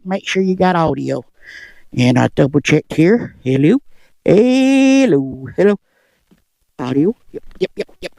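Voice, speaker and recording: A man talking casually and haltingly as he rides a motorcycle outdoors, stumbling over words and laughing often. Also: high-pitched, no echo. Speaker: vlogger. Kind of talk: casual rambling vlog talk while riding. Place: outdoors riding a motorcycle on a road. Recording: loud wind and traffic noise. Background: passing traffic.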